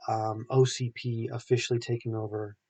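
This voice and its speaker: A man's voice: mid-range voice, little pitch movement, normal speed, a little mellow, breathy edge. A young man hosting a podcast, recapping a film in a rambling, casual way full of filler words. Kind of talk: casual chat.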